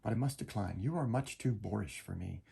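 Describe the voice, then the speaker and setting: A man's voice: fairly low pitch, brisk, creaky, warm tone, slightly rough, exaggerated voice. A man voicing a proud young female cockroach in a read-aloud storybook, dry and prim.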